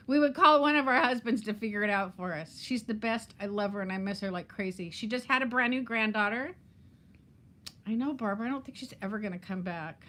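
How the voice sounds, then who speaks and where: Her voice sits on the high side, brisk, pushed, and bright. She's a fifty-something vlogger hosting a live chat, chatting loosely, laughing frequently, and calling out viewers by name.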